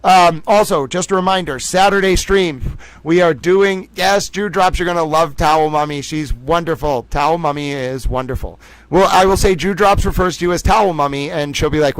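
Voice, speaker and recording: A man chats with his livestream viewers, spinning playful, rambling jokes between their comments. His voice sits a little higher than most men's. The sound is close and dry, with no room around it. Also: moderate pace, dry recording, rough recording. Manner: playful, rambling, jokey asides to chat. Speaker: livestream host. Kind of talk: casual chat reading viewer comments.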